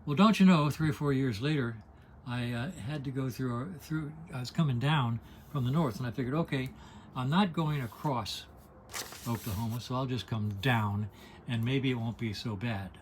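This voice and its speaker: A man's voice: medium pitch, normal speed, a little hiss or hum. An older man talking casually to his camera inside an RV, folksy and digressive, with wry asides and frequent restarts. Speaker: vlogger on an RV trip. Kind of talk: casual rambling vlog. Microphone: handheld camera.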